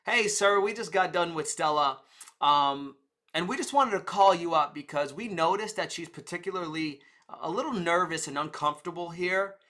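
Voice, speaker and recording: A man's voice: on the high side, normal speed, pushed and bright. A man voicing a polite female vet clinic receptionist with a soothing, courteous phone manner. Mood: gentle.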